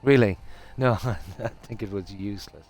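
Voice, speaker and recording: A middle-aged man from Ireland with a Midlands accent, a game streamer chatting casually and ramblingly with his viewers in a relaxed, self-deprecating way. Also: lowish voice, moderate pace, faint music behind. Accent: Irish Midlands.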